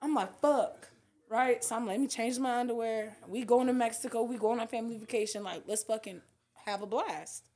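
Young woman podcast cohost, kinda high voice, cussing a lot, super animated storyteller. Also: fairly quick. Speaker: podcast co-host. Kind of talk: crude casual chat, comic storytelling.

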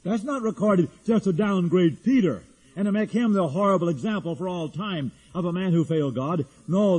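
A man's voice: sits high, darkish tone, slightly rough. A man preaching a sermon as a pastor, in earnest, with frequent restarts. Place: church hall. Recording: echoey hall.

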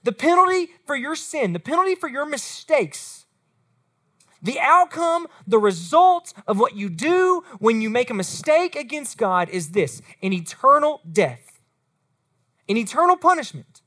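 A high-pitched woman speaks at a measured pace, preaching as a youth pastor to middle schoolers. She's animated and addresses the students directly.

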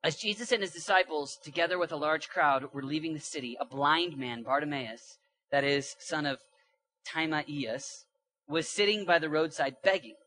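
Animated, bright-voiced young male preacher. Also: a little high, normal speed. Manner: animated, emphatic, shifts from quiet to loud; casual slang mixed with scripture. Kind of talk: sermon with Bible reading.

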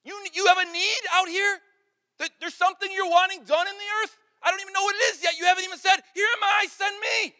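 A preacher acting out a bold, eager prophet who cuts in with a high, ringing, shouting voice and repeats himself urgently. The sound rings on through a hall with long reverb. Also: male voice, flat delivery, normal speed, gravelly, few pauses, heavily acted.

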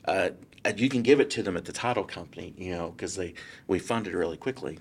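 A man's voice: low-pitched, brisk, husky. A man, a guest real estate broker telling a story casually and acting out the quotes in changing voices. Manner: animated, acts out quotes in different voices.

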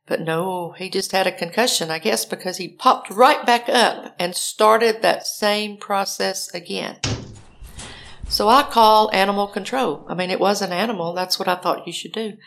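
Older lady telling a story, a bit gravelly, acts out her own panicky calls. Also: mid-range voice, normal speed, a bit bright. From Alabama, US. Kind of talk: personal storytelling.

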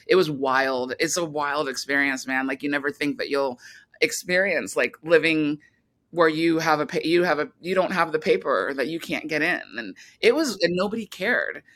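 A woman's voice: sits low, moderate pace, fairly bright tone. A woman filmmaker talking casually as an interview guest, rambling with many restarts and fillers.

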